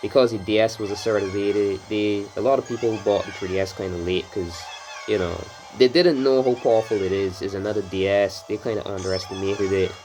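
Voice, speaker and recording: Man, low voice, from Barbados, rambling game commentary, swears, faint music behind. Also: fairly even intonation, fairly quick, darkish tone. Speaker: gameplay commentator.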